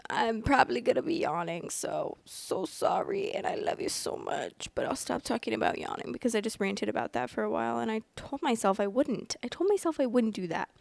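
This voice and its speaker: A woman chats casually on a story podcast, speaking close to the microphone in a dry, deadened space. Her voice has a crisp clarity and a slight vocal fry. She rambles and apologizes, fills her talk with "like", and sometimes yawns mid-sentence. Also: mid-range voice, no echo. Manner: rambling and apologetic, many fillers like "like"; often yawns while talking. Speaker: podcast host reading online stories. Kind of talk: casual chat and story reading.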